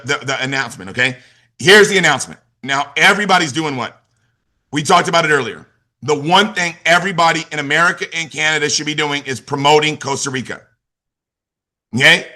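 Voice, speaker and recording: A middle-aged man leading a motivational team call, energetic and repetitive, asking questions and answering them himself. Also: on the high side. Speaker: team leader and youth football coach.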